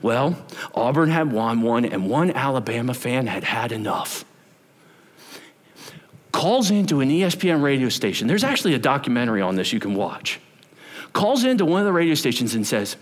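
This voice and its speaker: A man, a pastor, preaching a sermon in church, chatty and animated, bantering with the congregation and asking them questions. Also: mid-range voice, moderate pace.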